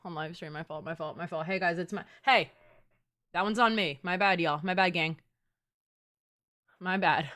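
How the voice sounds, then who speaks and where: Young woman streamer, lower voice, casual and teasing, lots of "like". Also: moderate pace, long pauses, fairly bright tone. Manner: chatty and playful, teasing her chat, frequent "like". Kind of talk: casual live-stream chat.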